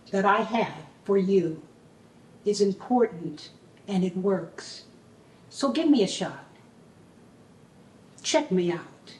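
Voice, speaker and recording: A woman's voice: medium pitch, a little mellow. Echoey upbeat woman talk host. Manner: upbeat, thankful, preacherly. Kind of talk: talk show monologue. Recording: echoey room, distant mic.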